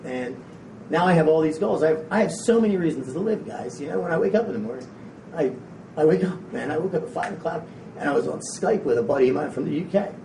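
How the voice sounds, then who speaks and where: Gravelly man speaking in an echoey room. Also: fairly high pitch, quick pace, distant mic. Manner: rambling, energetic, frank and casual with some swearing. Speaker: motivational speaker. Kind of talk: motivational talk to a live audience. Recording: echoey room, speaker away from the mic, faint noise.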